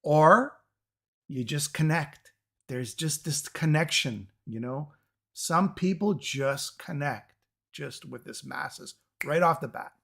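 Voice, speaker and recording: A man's voice: fairly high pitch, slow, gravelly, fairly bright tone. A man interviewing a musician, opinionated and repeating phrases for emphasis. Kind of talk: casual interview chat.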